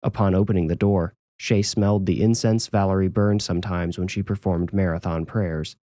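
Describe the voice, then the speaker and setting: A man narrating a scripted horror story in a measured, calm way. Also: low-pitched, no echo. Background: music.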